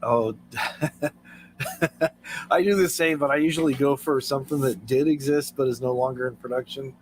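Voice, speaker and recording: A man's voice: mid-range voice, unhurried, a little hiss or hum, poor audio. Chuckling man chatting on a late stream. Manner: chuckles often while telling stories. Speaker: livestream host. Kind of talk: casual late-night livestream chat.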